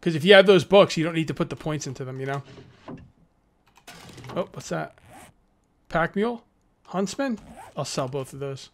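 Excitable man joking through gameplay. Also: fairly high pitch, normal speed, pauses often, a little hiss or hum. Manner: excitable, jokey, taunts enemies. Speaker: let's play host. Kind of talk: casual gameplay commentary.

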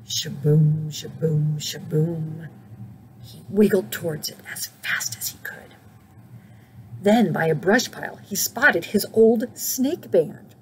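A middle-aged woman from the United States reading a children's storybook aloud at church, slow and expressive, asking questions of the children listening. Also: medium pitch, in a whisper. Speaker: faith formation director reading to children. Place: church setting.

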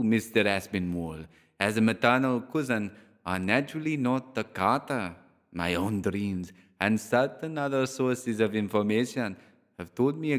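A man voicing a mysterious swami from India who speaks in an oddly labored yet idiomatic way, measured and knowing. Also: medium pitch, close to an everyday voice. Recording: long hall reverb.

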